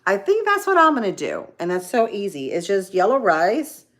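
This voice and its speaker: A woman's voice: medium pitch, huge pitch swings, normal speed. A tired middle-aged woman chatting casually with live viewers while she cooks, folksy, full of ums and y'alls. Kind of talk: casual live-stream chat while cooking.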